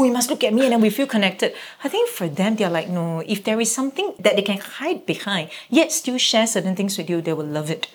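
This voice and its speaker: A middle-aged woman, a guest parent telling stories casually and acting out quoted reactions. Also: medium pitch. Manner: animated, acts out quoted reactions. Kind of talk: casual conversational storytelling.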